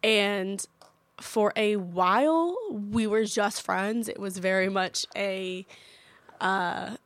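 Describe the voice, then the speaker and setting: A woman on a podcast tells a story in a blunt, sarcastic voice with plenty of swearing. Her pitch sits in a middle range. The sound is close and dry. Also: slow pace, dry recording. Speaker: podcast co-host. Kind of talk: casual chat.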